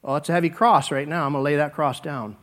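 A man preaching and acting out a frightened disciple who is hushed and low in confession but loud in denial. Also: steady tone, fast talker, natural voice. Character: frightened fisherman disciple, denying then hushed and contrite.

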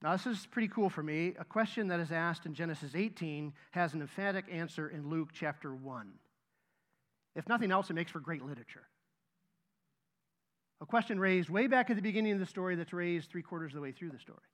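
A man's voice: a little high, a little fast, a bit bright. A man preaching a sermon to his congregation, emphatic and repeating key phrases for stress. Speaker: pastor.

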